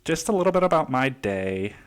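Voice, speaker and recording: Guy from mexico rambling on his podcast, cussing a lot, middle-pitched voice. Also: sing-song, fairly quick. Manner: rambling, profane, storytelling with quoted voices. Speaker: podcast host. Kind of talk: casual solo podcast monologue.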